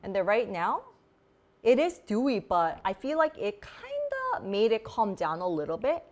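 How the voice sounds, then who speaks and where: This beauty vlogger speaks a little high and a little slowly, her pitch swinging hugely as she goes. She keeps the live product demo casual and bubbly, filling her chat with plenty of "like."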